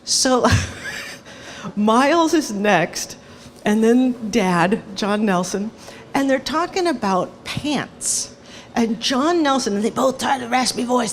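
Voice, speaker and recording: A woman, a former sound engineer, telling stories on stage to an audience in a lively, animated way. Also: a little high, a little slow, in a large hall, a little hiss or hum. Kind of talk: storytelling on stage.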